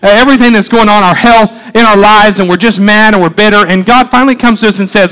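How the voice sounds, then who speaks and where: High-voiced animated preacher man. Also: fairly quick, low-quality recording. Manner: animated preaching with conversational asides. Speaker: pastor. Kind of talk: sermon.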